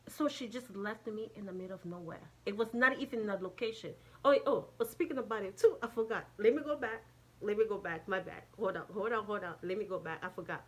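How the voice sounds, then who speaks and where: A woman's voice: medium pitch, quick pace, slightly rough. Jamaican woman rambling thru a story, swears a lot, keeps restarting. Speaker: vlogger. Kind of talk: casual storytime.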